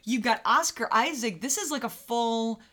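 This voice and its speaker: A woman's voice: a little high, normal speed, fairly bright tone. A woman co-hosting a podcast, talking casually and animatedly about a film, laughing often and swearing. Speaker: podcast co-host. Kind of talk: casual movie discussion.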